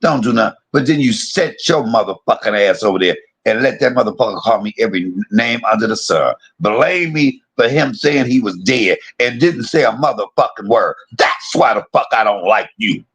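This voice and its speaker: A streamer rants to his viewers, his voice rough and a little husky. He talks confrontationally, swears constantly, and his pitch rises and falls a lot as he hammers his points again and again. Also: expressive, normal speed, hardly any pauses, fairly bright tone. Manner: profane, confrontational, repeats himself. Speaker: live streamer. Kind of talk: heated livestream rant.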